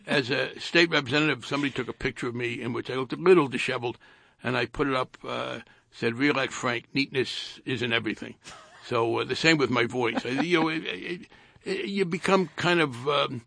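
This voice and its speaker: An older man with a New Jersey accent, a retired congressman in a radio interview, speaking haltingly with dry wit and repeated words. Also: medium pitch, vocal fry, fairly bright tone, dry recording.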